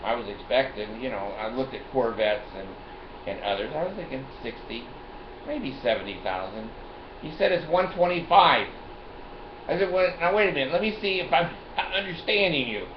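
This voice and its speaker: A man's voice: medium pitch, lively intonation, normal speed, reverberant, muffled recording, noisy background. An older man hosting his own show, telling a rambling, bawdy, boastful story and laughing often. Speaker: show host.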